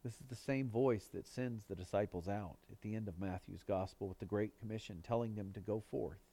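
A male pastor preaching a sermon in an earnest manner, pushing his voice up for emphasis and dropping it low on quoted words. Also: moderate pace, long pauses, warm tone, husky.

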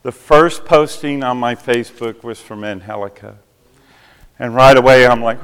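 A man preaches a sermon testimony in a church sanctuary, telling a personal story and acting out the voices of the people he quotes. His medium-pitched voice is unhurried, clean and fairly bright, carried by the hall's long reverb.

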